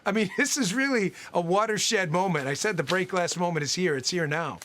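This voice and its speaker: Brief: male TV guest, very high and bright, sarcastic and emphatic. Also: a little fast, a little hiss or hum. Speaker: guest commentator. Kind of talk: political TV interview.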